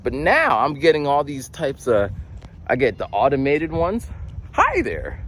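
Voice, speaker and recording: A man's voice: on the high side, lively intonation, moderate pace. A young man talking in a rambling, casual monologue, with many restarts and acted-out voices. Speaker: vlogger.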